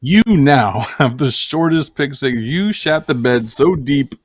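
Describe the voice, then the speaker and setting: A man's voice: mid-range voice, lively intonation, takes it slowly, dry recording, clean studio sound. A man co-hosting a casual sports talk show, wry and analytical. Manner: wry, analytical, laughs at the absurd.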